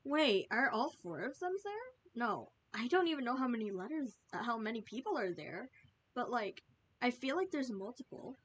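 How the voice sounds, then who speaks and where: A woman's voice: fairly high pitch, very animated, normal speed, a little hiss or hum. A woman streaming a game, chatting and wondering aloud with little laughs as she plays. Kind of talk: live gameplay commentary.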